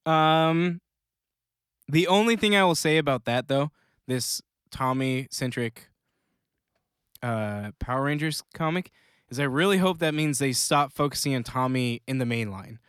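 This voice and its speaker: A man's voice: medium pitch, fairly bright tone, smooth, no room sound. Joking podcast guy, dry close sound. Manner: joking, chatty, quick asides with laughter. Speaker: podcast co-host. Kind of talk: casual chat about comics news.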